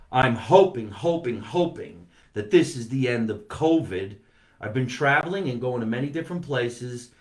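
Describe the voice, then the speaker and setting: A man's voice: medium pitch, reverberant. A man, a comedian, hosting a casual live stream, chatting animatedly and reading out viewer comments. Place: home basement.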